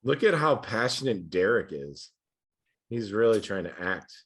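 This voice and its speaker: A man's voice: lowish voice, very animated, unhurried. A man co-hosting a podcast, chatting casually with a wry, joking manner. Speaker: podcast co-host. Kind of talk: casual chat.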